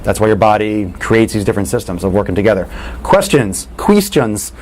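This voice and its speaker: Lowish voiced gym coach guy, blunt and sweary, answering questions, faint room hiss. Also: a little fast. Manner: blunt, animated, swears freely. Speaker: fitness coach. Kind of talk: casual Q&A training talk.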